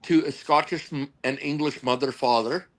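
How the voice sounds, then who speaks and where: A man's voice: on the high side, fairly even intonation, normal speed. A man co-hosting a casual beer podcast, blunt and wry, swearing now and then. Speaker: podcast co-host. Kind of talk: casual chat.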